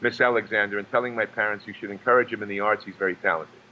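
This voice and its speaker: A man from New York, a guest actor and singer, telling stories in a halting way with many restarts and fillers. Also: fairly low pitch, fairly even intonation, dull audio, a little hiss or hum. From New York, USA. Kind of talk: casual storytelling interview.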